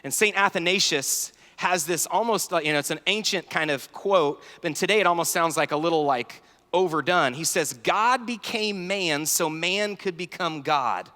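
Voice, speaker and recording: A man in his thirties giving an animated, story-filled talk at a youth conference, acting out dialogue. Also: fairly high pitch, normal speed. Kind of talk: sermon-style talk with stories. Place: large conference hall. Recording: large hall reverb.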